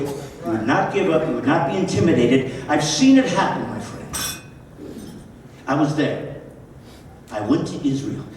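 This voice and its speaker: A man's voice: fairly high pitch, darkish tone. A man, a comedian, giving a punchy stand-up speech at a banquet with sarcastic asides. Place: large banquet hall. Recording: distant, echoey hall with crowd. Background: audience laughter and room noise.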